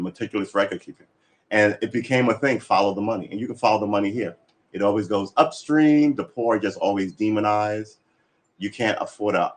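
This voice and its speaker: A man chatting casually on a livestream, rambling and swearing, acting out little quoted exchanges as he goes. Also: on the low side.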